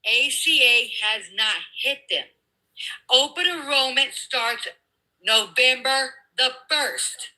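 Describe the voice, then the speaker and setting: A woman's voice: sits high, takes it slowly, pushed and bright, low-quality recording. A woman in a heated political argument, ranting with lots of profanity. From California.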